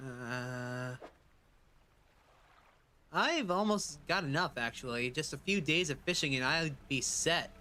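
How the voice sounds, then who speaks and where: A man's voice: medium pitch, animated, slow pace, long pauses, sharp tone, a little hiss or hum. A man casually chatting through a live-streamed game, rambling and dropping playful pirate asides.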